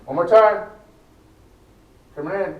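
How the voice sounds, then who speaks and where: A middle-aged man tells a story on a theater tour, his voice pitched a little high and acting out every quote. He sits some distance from the mic, so the sound is roomy and echoey, with a faint hum behind him. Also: takes it slowly, narrow, tinny audio. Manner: lively, acts out quoted voices. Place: large indoor theater.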